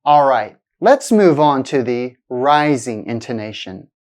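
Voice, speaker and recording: A woman teaching a pronunciation lesson in a scripted, clear manner, stretching out example sentences. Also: extremely low pitch, expressive, darkish tone. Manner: clear, deliberate, exaggerated intonation in examples.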